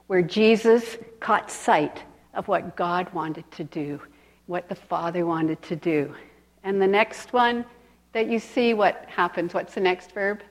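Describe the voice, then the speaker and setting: Slow-speaking woman preaching. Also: mid-range voice. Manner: asks the audience questions, conversational. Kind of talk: sermon, teaching.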